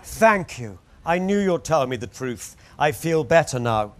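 A man quoting a soft, confiding princess. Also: fairly high pitch, sing-song, a little slow. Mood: relieved. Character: a royal princess, candid and confiding, speaking softly.

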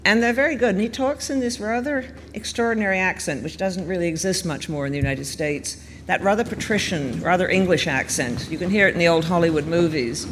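Male speaker with a slightly raised pitch for thoughtful history commentary, recorded with a lingering room echo. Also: a bit bright. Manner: thoughtful, measured, conversational storytelling. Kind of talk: explanatory history talk. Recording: reverberant room with faint background noise.

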